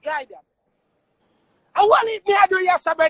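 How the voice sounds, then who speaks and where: High, shouting Jamaican man. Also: brisk, long pauses, no echo. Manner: shouting, boastful, swearing. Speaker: Instagram live streamer. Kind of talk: heated argument on a live stream. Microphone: phone.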